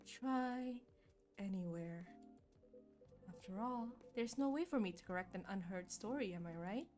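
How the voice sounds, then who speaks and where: Ageless vampire gent, low and unhurried, voiced by a woman streamer, lively lilt underneath. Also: soft background music, close to an everyday voice. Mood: aloof. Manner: measured, dry, aloof. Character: suave ageless male vampire model, calm. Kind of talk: streamer voicing game dialogue.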